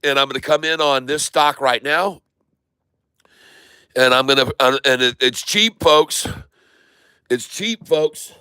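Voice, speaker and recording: Man, day-trading commentary, bright and crisp, dry close sound. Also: mid-range voice, no room sound. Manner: running commentary, repeating tickers slowly. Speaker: stock trading streamer.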